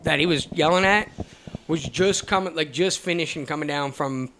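A man's voice: fairly high pitch, normal speed. A young man casually telling a profane story to friends, acting out other people's lines as he goes. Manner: profane, animated, acts out other people's voices.

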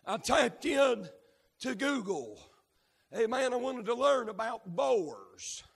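A man preaching a fervent sermon, breaking into shouts and dropping frequent amens. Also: very high voice, sing-song, slow, creaky, breathy edge, in a large hall.

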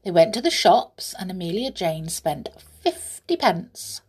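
A woman reads a children's storybook aloud. She is gentle and unhurried, taking her time over each sentence. Her voice is soft, breathy and a little husky, and now and then it sinks to a whisper. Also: lowish voice, sing-song.

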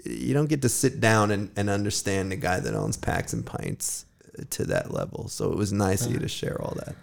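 A male podcast host with a gravelly, rough edge to his voice. His pitch moves around a lot as he chats. He talks in a loose, laid-back way and swears freely. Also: very animated, moderate pace. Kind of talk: casual interview chat.

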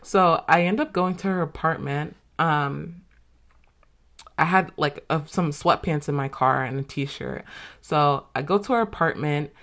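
A woman's voice: sits low, a little slow, fairly bright tone. A young woman hosting a podcast, telling a personal story in a candid, casual way with plenty of swearing and fillers. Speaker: podcast host.

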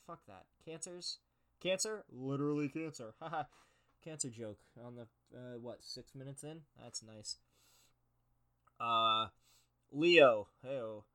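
A man's voice: medium pitch, pushed and bright. A young man hosting a casual podcast, reading horoscope text aloud and mocking it with profane, sarcastic asides. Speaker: podcast host. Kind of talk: casual comedic commentary.

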